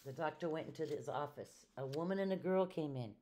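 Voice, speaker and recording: An older woman, a retired teacher, reading a children's book aloud at a slow, clear storytelling pace. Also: sits low, dark tone. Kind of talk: children's read-aloud narration.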